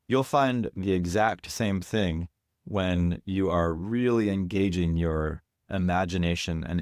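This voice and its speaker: A man's voice: low-pitched, darkish tone, dry recording. A man teaching horn in an online lesson, explaining ideas in an earnest, careful way. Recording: dry, close sound.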